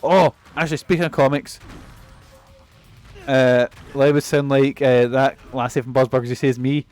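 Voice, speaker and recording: A man's voice: medium pitch, fairly even intonation, moderate pace, darkish tone, faint music behind. A young man giving rambling, sweary commentary while he plays a game. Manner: rambling and sweary, laughs often. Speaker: streamer. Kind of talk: casual gameplay commentary.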